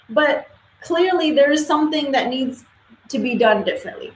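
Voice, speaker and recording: A woman's voice: high voice, lively intonation, normal speed. A woman hosting a casual live stream, talking bluntly and opinionated, swearing freely. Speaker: livestream host. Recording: echoey room with faint ambience.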